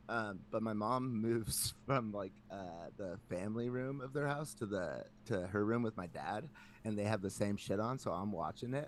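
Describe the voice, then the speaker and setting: A man hosting a casual podcast, ranting in an animated way with lots of filler words. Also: lowish voice, normal speed, a little hiss or hum. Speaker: podcast host.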